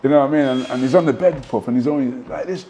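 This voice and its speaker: A man, a former boxer telling animated anecdotes in a casual interview, full of asides and restarts. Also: medium pitch, very fast, slight background noise. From Manchester, England. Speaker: guest, former professional boxer.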